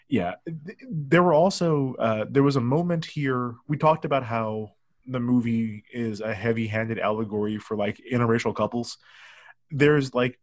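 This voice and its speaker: A man's voice: mid-range voice, dry recording, studio quality. A man co-hosting a casual movie review podcast, joking and acting out lines from the film in mock voices. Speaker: podcast co-host.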